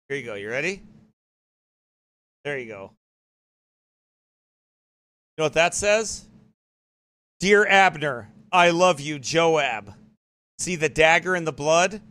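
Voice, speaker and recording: A man's voice: on the high side, normal speed, pauses often, fairly bright tone. A male pastor giving emphatic, mocking commentary on a livestreamed sermon.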